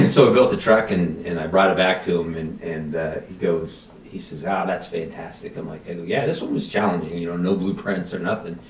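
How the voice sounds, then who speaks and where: A middle-aged man, a fire battalion chief, telling animated anecdotes and acting out quotes in a casual interview. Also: sits low, brisk, hardly any pauses, a little hiss or hum. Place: podcast studio. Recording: roomy, somewhat distant mic.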